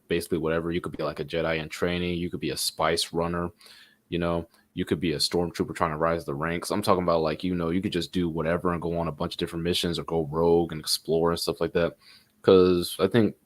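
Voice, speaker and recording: A man co-hosting a gaming podcast, talking in a loose, rambling way and laughing often. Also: low-pitched. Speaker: podcast co-host. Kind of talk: casual gaming chat.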